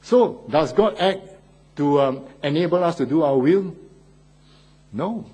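A man's voice: a little high, expressive, measured pace, warm tone, husky, rough recording. A man preaching a sermon, stressing key phrases and putting questions to the congregation.

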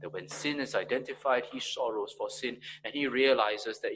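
A man preaching a sermon as pastor, swinging between emphatic raised peaks and quiet, low passages. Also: normal speed, slight background noise, low-quality recording.

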